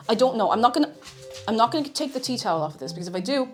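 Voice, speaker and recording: Woman streamer, chatty and playful at her home kitchen, very animated pitch. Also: racing, soft background music. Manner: playful, rambling, reads out chat messages. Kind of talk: casual live-stream chat while cooking.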